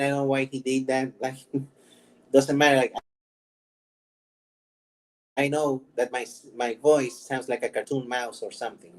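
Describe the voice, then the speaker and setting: Slow-talking man chatting and laughing. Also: medium pitch, a little mellow, rough recording. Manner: rambling, laughs often, self-deprecating. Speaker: vlog host. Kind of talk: casual chat.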